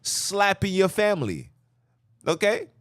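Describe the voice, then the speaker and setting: A man hosting a podcast, delivering an impassioned religious monologue with an animated, preachy manner and a habit of repeating himself for emphasis. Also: high voice, measured pace, dry recording, studio quality. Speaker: podcast host.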